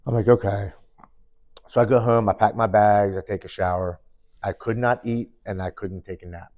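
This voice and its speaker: Guest, man, very low voice, earnest first-person storytelling in the present tense, sit-down interview. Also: steady tone, fairly quick, darkish tone. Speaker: podcast guest. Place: studio, in person with hosts.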